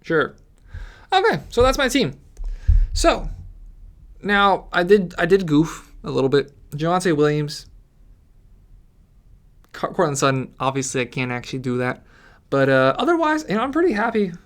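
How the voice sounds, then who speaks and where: A man's voice: fairly high pitch, big pitch swings, normal speed, long pauses, a bit bright. A man giving casual, rambling commentary on his fantasy football mock draft, ranting with frequent restarts.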